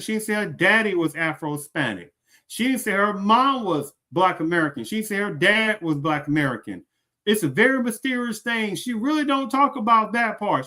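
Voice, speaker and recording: Pushed and bright, a high-pitched male voice reacts to a clip on a commentary show. Using a streaming setup, the host asks his audience one rhetorical question after another.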